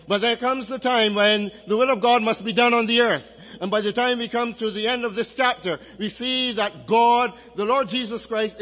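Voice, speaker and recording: High-voiced preacher in a reverberant hall. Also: male voice, a bit bright. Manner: measured, emphatic, drawing out key phrases. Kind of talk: expository sermon.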